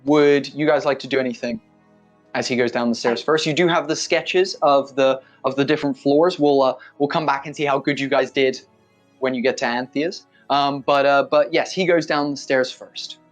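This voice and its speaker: A man's voice: medium pitch, fairly even intonation, moderate pace, faint music behind. A man narrating as game master in a casual, rambling way with lots of fillers.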